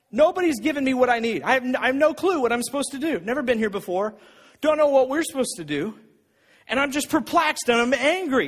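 A man preaching a sermon as pastor, telling a personal story with emphatic, repeated phrases and a husky voice. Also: very high-pitched, a bit bright. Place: church sanctuary. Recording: long reverb of a church hall.

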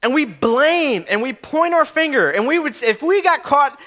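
Casting note: young male pastor, very high and bright voice, earnest conversational sermon delivery. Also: expressive, moderate pace. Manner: earnest, conversational preaching with frequent restarts and acted quotes.

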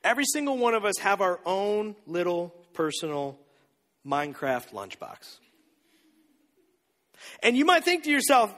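A man preaching a sermon as pastor, telling a story with animated dialogue and acting out the characters. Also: sits high, measured pace, pauses often, in a large hall.

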